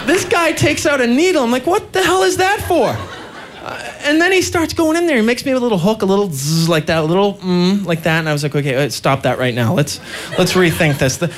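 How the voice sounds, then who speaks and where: A man performing a stand-up routine, telling self-mocking stories in an animated way. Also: high-pitched, slight background noise. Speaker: stand-up comedian.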